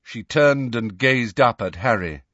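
A man narrating an audiobook in measured, expressive storytelling. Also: mid-range voice, no room sound, dull audio.

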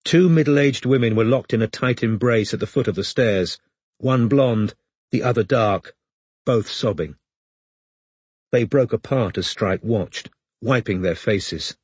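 A man narrating an audiobook in a measured storytelling manner, close to the mic. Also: lowish voice, darkish tone, husky, dry recording.

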